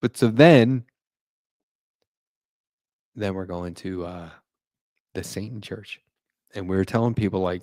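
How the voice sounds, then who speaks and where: A man's voice: low-pitched, slow pace, long pauses, a little mellow, no room sound. A middle-aged man telling a rambling, profane story in casual chat, laughing as he goes. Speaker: podcast host. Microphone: desk mic for a live stream.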